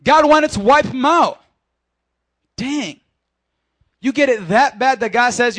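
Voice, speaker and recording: A man's voice: very high voice, lively intonation, slow, long pauses, fairly bright tone, dry recording. A man preaching in a casual, conversational way, speaking directly to his congregation and acting out Bible scenes. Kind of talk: sermon.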